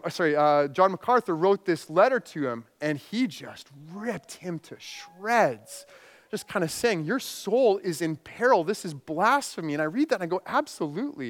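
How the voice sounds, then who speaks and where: A man preaching a sermon as pastor, animated, swinging between loud bursts and quiet asides. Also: fairly high pitch, smooth, long reverb tail.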